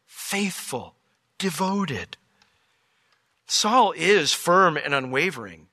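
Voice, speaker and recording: A male pastor teaching a Bible passage in sermon style, animated and acting out the voices he quotes. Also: on the high side, no room sound, long reverb tail. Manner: animated, acts out quoted speech.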